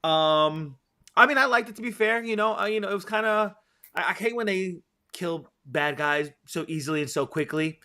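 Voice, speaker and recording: A man's voice: sits high, normal speed, sharp tone. A man co-hosting a podcast, talking casually and rambling with plenty of fillers. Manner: rambling, many fillers like "you know". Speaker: podcast co-host. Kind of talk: casual chat.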